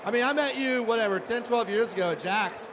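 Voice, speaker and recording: A man's voice: very high-pitched, brisk. Rambling, enthusiastic male host, noisy room. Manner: loose, enthusiastic, rambling questions. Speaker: event host interviewing the chef. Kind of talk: casual interview banter.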